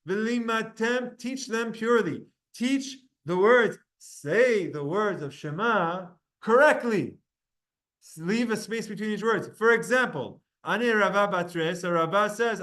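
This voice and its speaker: A man teaching a live Talmud class, slowly sounding out Hebrew phrases word by word to his students. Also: high-pitched. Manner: animated, drawn-out recitation of Hebrew phrases.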